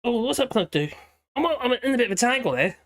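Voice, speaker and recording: A hoarse man hosting a live stream, chatting in a rambling, cheeky way and giggling often. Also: very high-pitched, very animated, fast, a bit bright. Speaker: livestream host. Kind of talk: casual live-stream chat. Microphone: headphones with a small speaker.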